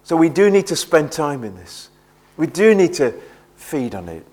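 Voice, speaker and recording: A man's voice: on the high side, very animated, moderate pace, a little mellow. A man preaching a sermon in an earnest way, often repeating words as he presses a point.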